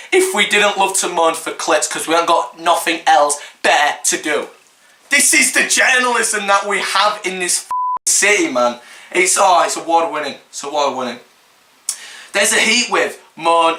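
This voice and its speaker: Young Hull man, sarcastic ranting reaction vlogger, swears a lot; high, bright voice in an echoey room. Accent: Hull, East Yorkshire. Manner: exasperated, sarcastic, swears a lot, mocks with put-on quotes.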